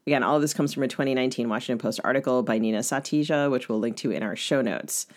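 A woman co-hosting an interview podcast, explaining background in a clear, lightly playful way. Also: rumbling low, fast talker. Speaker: podcast co-host. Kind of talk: conversational interview, reading background notes.

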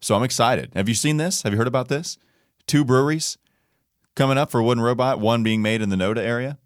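A man co-hosting a sports podcast in a studio, chatting casually with an animated, jokey, self-deprecating manner. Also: medium pitch, fast, no room sound. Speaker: podcast co-host.

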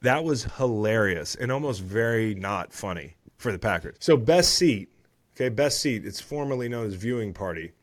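A man's voice: lowish voice, expressive, normal speed. A man in his thirties, a former football player hosting a podcast, recapping the week's games in casual chat with swearing and rambling asides.

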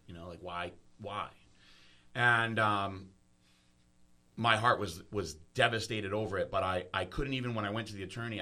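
A podcast host with a low but bright, forward voice. He talks candidly and earnestly, halting and restarting as he opens up, with casual swearing mixed in.

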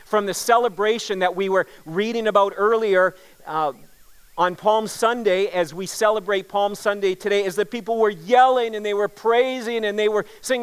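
A man's voice: high voice, steady tone, moderate pace, clear, resonant tone. A man preaching a sermon as pastor, earnest and emphatic, repeating key words for weight.

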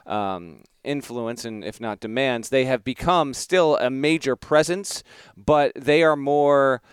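A man's voice: medium pitch, slow, smooth, no echo. Co-host, male, rambling filler-heavy explainer, clean dry close sound. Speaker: sports podcast co-host. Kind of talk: late-night casual sports chat.

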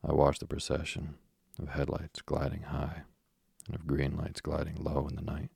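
A man with a deep gravelly voice, reading a story aloud slowly and softly for sleep. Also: no room sound, studio quality. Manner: soft, even, unhurried delivery. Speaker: narrator.

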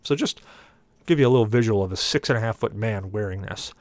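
A man's voice: fairly low pitch, fast talker, dry recording. A man on a podcast telling a long, funny story and acting out the voices in it. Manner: animated, acts out the voices in his stories. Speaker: podcast panelist. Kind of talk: comic storytelling.

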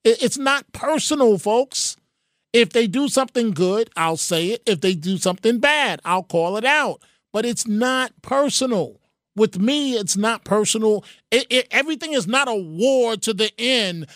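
Radio host, male, high-pitched and lively, sarcastic edge, dry close studio mic. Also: normal speed, no echo. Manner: animated, sarcastic, repeats words when stressing a point. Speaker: radio talk show host. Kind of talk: talk radio, taking calls. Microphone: studio microphone.

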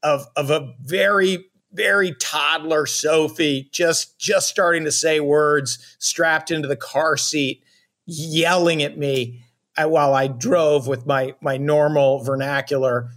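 A man co-hosting a sports talk show who chats in a halting way, full of fillers. He speaks slowly, in a slightly high voice. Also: fairly even intonation, fairly bright tone. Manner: hesitant, halting, with many fillers. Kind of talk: sports radio banter.

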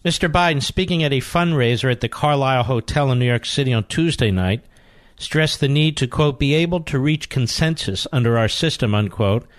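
A male radio talk show host in a studio reads the news aloud a little fast, breaking in with muttered asides in a sarcastic, combative monologue that swings to loud emphasis. His medium-pitched voice is recorded on a studio mic with no room sound.

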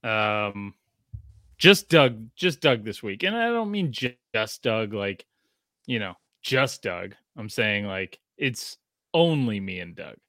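A man from Australia chats casually as a podcast host, his voice bright and forward. He rambles with many fillers and restarts. The sound is dry and close, with no room around him. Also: on the low side, very animated, slow pace, no room sound. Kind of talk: casual chat.

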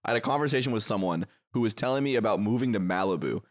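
A man's voice: lowish voice, animated, very fast. A young man co-hosting a podcast, rambling through a self-deprecating anecdote. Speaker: podcast co-host. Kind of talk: casual chat.

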